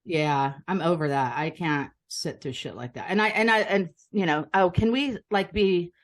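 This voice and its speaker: A woman's voice: on the low side, moderate pace. An American woman with a Philadelphia accent, chatting as an interview guest and rambling easily. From United States. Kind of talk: casual interview chat.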